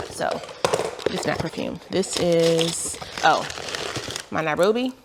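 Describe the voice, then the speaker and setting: A woman vlogger with a lilt talks her way through opening packages at home. Her voice sits low with a gravelly edge, and she rambles in a relaxed way. Clear background noise and crinkling wrappers run under her talk. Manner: chatty, rambling, laughs at herself. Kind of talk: casual chat, unboxing. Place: home, on the couch.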